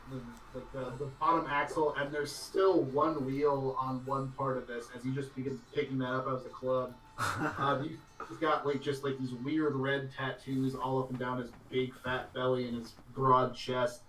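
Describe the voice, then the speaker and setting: A man narrating as game master of a tabletop game, in a loose, halting way with many fillers and laughs. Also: medium pitch, fairly even intonation, fairly bright tone, roomy sound, distant mic, a little hiss or hum, rough recording.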